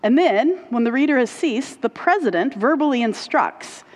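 A woman's voice: high-pitched, lively intonation, moderate pace. A woman pastor giving a conversational sermon to her congregation. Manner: conversational, uses fillers like right and like. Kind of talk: sermon teaching. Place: church sanctuary. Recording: muffled sound with long hall reverb.

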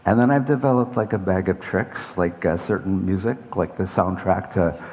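An older man delivers a sermon in a low voice, drifting into loose, self-deprecating asides as he talks. His voice rings with a long reverb off the walls of a church hall. The sound is dull and lo-fi. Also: normal speed. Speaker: pastor.

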